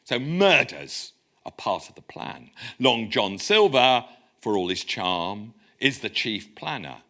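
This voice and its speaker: A man giving a public lecture in a lecture room, lively and conversational, with wry asides. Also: mid-range voice, takes it slowly.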